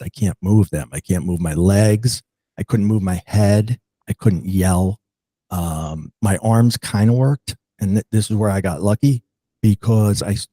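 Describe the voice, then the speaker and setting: Man, earnest reflective storytelling, warm low tone, frequent ums. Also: husky, dry recording. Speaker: podcast guest. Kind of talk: personal storytelling in an interview.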